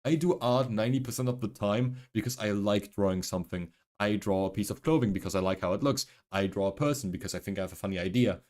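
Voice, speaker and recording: A man's voice: lowish voice, quick pace, few pauses, darkish tone. A man who learned English as a second language, streaming a game and chatting casually while he thinks aloud, rambling and full of fillers. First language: not English. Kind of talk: casual gaming stream chat.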